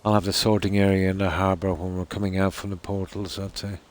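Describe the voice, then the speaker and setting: A man's voice: sits low, level tone. A man giving casual, rambling live-stream commentary while playing a game, talking easygoing from a room at home at night. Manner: rambling and easygoing, with many "you know"s and pauses.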